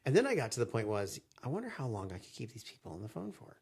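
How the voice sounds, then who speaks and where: A man's voice: medium pitch, fast, gravelly, slightly rough. A young man co-hosting a casual podcast, telling stories and acting out phone calls. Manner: animated storyteller, acts out phone calls. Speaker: podcast co-host.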